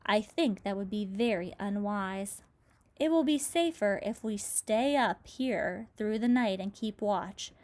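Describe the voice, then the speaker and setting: A woman putting on a wise old grasshopper from a storybook, measured and steady. He speaks slowly and kindly, in a voice the woman reading adopts. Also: medium pitch, close to an everyday voice. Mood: firm.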